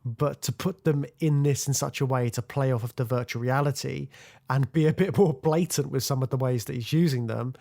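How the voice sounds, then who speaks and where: A man's voice: mid-range voice, brisk, creaky, a little mellow. A man co-hosting a film podcast, talking casually and rambling with lots of fillers. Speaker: podcast co-host.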